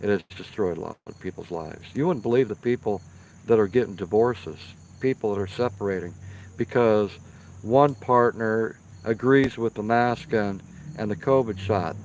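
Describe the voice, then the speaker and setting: A man's voice: on the low side, normal speed, darkish tone, slight background noise. A man chatting casually with his live-stream viewers from outdoors by a firepit, emphatic and repeating himself for stress. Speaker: live-stream host reading viewer comments.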